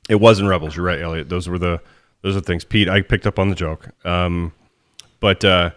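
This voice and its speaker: Deep-voiced man chatting on a podcast. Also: steady tone, a little fast. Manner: rambling, enthusiastic fan talk. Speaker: podcast co-host. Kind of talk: casual chat.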